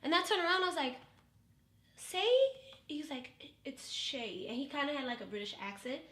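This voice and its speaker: A woman's voice: high voice, expressive, very fast, bright, forceful tone, echoey room. A woman telling a dating story on a podcast, profane and dramatic, acting out the voices of the people in it. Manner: profane, dramatic, acts out quotes. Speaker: podcast guest. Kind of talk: animated storytelling.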